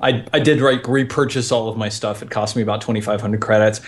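A man's voice: on the low side, steady tone, fast. A man playing a tabletop role-playing game, chatting eagerly about his character's gear. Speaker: player. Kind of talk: tabletop role-play chat.

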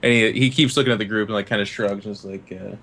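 Player, man, halting narration, bright and lowish voice. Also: steady tone. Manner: halting, repeats words. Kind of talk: narrating his character's actions.

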